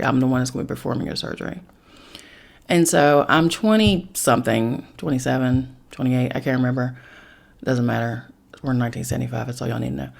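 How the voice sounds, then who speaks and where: A woman recounts her own story in an intimate podcast monologue. Her voice carries a gravelly fry, and she often sinks into soft whispers when she quotes others. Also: low-pitched. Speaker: podcast host. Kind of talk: personal storytelling.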